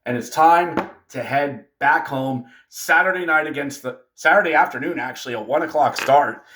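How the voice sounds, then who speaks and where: A man hosting a casual hockey recap video, animated and joking, talking straight to fellow fans. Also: fairly high pitch, normal speed, slight background noise. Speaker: hockey fan video host. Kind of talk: casual game recap commentary.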